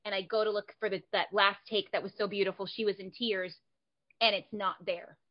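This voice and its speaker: A woman actor talking candidly in a relaxed conversation, her voice mid-pitched and lively as she acts out her own reactions. She swears freely and shifts between excitement and quiet reflection. The recording sounds slightly dull and lo-fi. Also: a little fast. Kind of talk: casual conversation.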